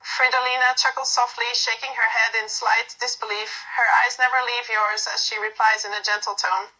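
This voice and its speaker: A woman narrating a bright-voiced romance. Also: on the high side, level tone, normal speed, hardly any pauses, low-quality recording. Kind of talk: second-person romantic story narration.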